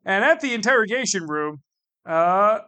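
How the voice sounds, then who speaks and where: A man's voice: high voice, expressive, moderate pace, pushed and bright, clear, resonant tone. A man from the United States telling a casual comedic travel story, rambling and sarcastic, repeating himself with many asides.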